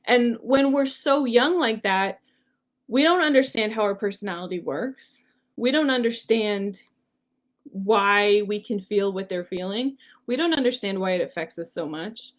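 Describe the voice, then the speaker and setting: A woman's voice: mid-range voice, lively intonation, a little slow. A woman hosting a solo podcast, talking in an earnest, conversational way with frequent "like" and "um". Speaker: podcast host.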